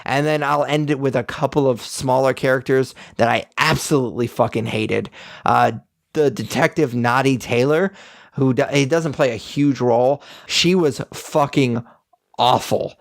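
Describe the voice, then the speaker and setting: Young male podcast co-host, gravelly, dry close mic, blunt and rambling. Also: mid-range voice, moderate pace, dry recording. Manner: rambling, blunt, animated opinions. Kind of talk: casual review chat.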